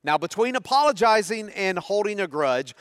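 A middle-aged man delivers a sermon in a high, clear, resonant voice. He talks in a conversational way and often turns questions to his listeners. The sound is dry and close, with no room echo. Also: sing-song, moderate pace, a bit bright. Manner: conversational, asks the audience questions. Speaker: pastor.

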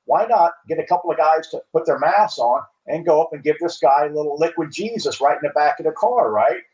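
A man's voice: on the high side, lively intonation, a little fast, darkish tone, lo-fi sound. A man, a police captain and trainer, talking in casual panel chat with folksy, wry, blunt remarks and many fillers.

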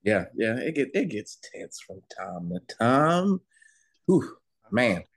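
A man co-hosting a podcast, joking with playful, quick asides in casual banter. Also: medium pitch, big pitch swings, no room sound, studio quality. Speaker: podcast co-host.

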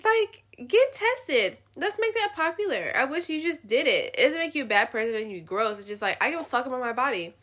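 A woman's voice: sits high, brisk, hardly any pauses. A young woman giving blunt, profane opinions in a casual rant to the camera. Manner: blunt, swearing, animated ranting. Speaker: vlogger.

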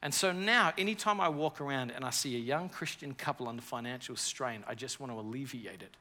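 A man voicing a quiet, regretful older businessman. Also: medium pitch, a little fast. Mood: earnest regret. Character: older male entrepreneur, earnest and regretful. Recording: long reverb of a big hall.

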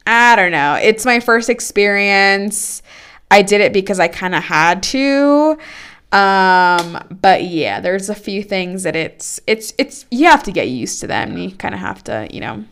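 Smooth-voiced woman telling a story. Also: medium pitch, lively intonation, measured pace, fairly bright tone. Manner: chatty storytelling with many fillers. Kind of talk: casual chat.

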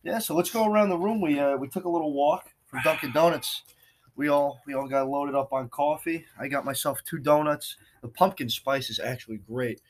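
A man's voice: a little high, fairly quick, background noise. A young man hosting a casual podcast chat with friends, upbeat and rambling. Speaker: podcast host.

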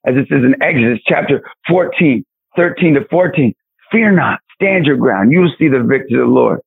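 A man guest on a radio show, giving a fervent faith testimony with raspy storytelling and bursts of shouting. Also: mid-range voice, lively intonation, a little fast, no room sound, narrow, tinny audio.

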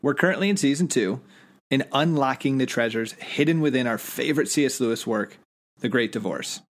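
A man's voice: mid-range voice, a little fast. A man hosting a podcast in casual chat, rambling and laughing often. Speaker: podcast host.

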